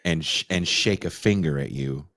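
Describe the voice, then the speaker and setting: A man co-hosting a podcast in casual chat, bantering in a wry, expressive way. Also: extremely low pitch, normal speed. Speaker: podcast co-host.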